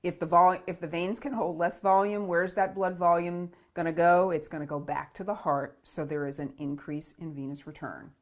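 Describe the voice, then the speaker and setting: A woman's voice: on the low side, fairly even intonation, moderate pace, few pauses. A woman physiology lecturer in a recorded lecture, explaining step by step, repeating key terms and checking in with "okay?".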